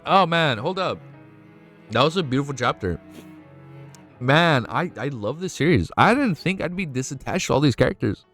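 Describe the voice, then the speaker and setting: Man, webnovel reaction streamer, lively swinging pitch, reads aloud then reacts, frequent swearing, faint music underneath. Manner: swears a lot, excitable outbursts between read passages. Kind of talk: reading aloud and reacting casually.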